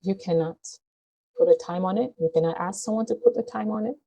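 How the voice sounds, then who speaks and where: A woman's voice: medium pitch, brisk, dark tone, poor audio. A woman vlogger speaking to her viewers in a heartfelt, earnest way. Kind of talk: personal talk to camera.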